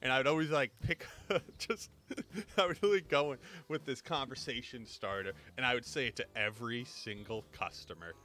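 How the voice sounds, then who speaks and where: A man's voice: mid-range voice, a little fast, bright, forceful tone. A man in his twenties chatting casually over gameplay, rambling through jokey anecdotes. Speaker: gaming YouTuber. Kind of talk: casual gameplay commentary and storytelling.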